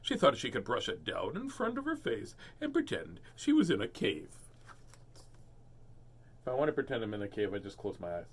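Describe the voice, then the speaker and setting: A man's voice: fairly low pitch, wildly swooping pitch, moderate pace, slightly rough. A man reading a children's picture book aloud, breaking off for playful jokes and asides. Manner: playful, joking asides, voices characters. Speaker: storybook reader.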